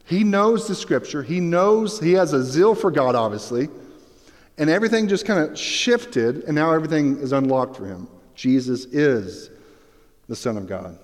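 A man preaching a sermon as pastor, telling the scene with lively, acted-out storytelling. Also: on the high side, moderate pace. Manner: animated storytelling, acts out Bible scenes. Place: church sanctuary. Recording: long reverb of a hall.

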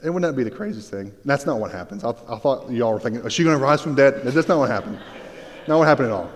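A pastor telling a personal story in a sermon, swinging between hushed and excited. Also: male voice, mid-range voice, quick pace. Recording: long reverb of a large hall.

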